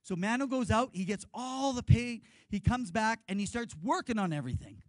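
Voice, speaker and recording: High-voiced lively pastor preaching. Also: male voice, moderate pace, no room sound, rough recording. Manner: lively storyteller, leads the congregation in call-and-response. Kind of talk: sermon.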